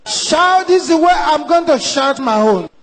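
A man as a pastor leading a loud prayer sermon in a church service, shouting commands and speaking in tongues. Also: very high voice, lively intonation, moderate pace, very noisy.

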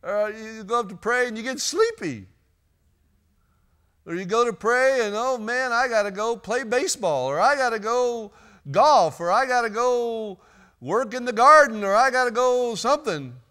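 High-voiced, chatty, joking male pastor. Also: lively intonation, a little slow, pushed and bright, smooth. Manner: chatty, joking asides to the congregation. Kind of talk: sermon. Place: church sanctuary.

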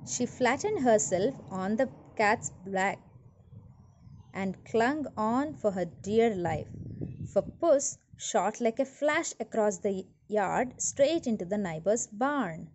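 A woman reading a story aloud to children, animated and stopping to ask questions. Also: mid-range voice, takes it slowly, slight background noise. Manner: animated, asks listeners questions.

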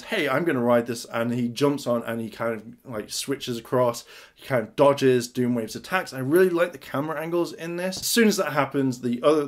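Chatty man recapping a TV episode. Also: medium pitch. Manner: chatty, fills with "like" and "kind of". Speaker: TV episode reviewer. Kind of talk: casual spoken episode recap.

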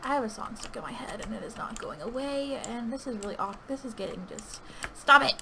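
Woman gamer, fretful live commentary with loud bursts; slight vocal fry, keyboard clatter audible. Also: on the high side, fast, noisy background. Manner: anxious, pleading, bursts of loud excitement. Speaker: gaming video creator. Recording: keyboard clicking audible behind voice.

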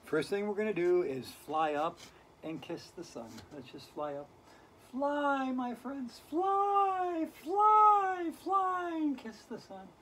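Guy doing a slow dreamy giggly yoga lady, keeps cracking up mid-pose. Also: high voice, animated, slight background noise. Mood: chirpy. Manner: giggly, keeps breaking into laughter and swearing. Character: giddy quirky female yoga teacher wearing wings. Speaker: yoga instructor. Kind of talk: comedic character yoga lesson.

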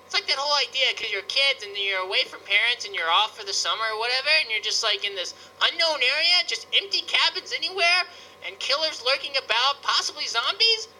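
Bubbly bright-voiced woman gaming host. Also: high voice, animated, normal speed, slight background noise, poor audio. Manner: bubbly, jokey, talks back to the game. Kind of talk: casual let's-play commentary.

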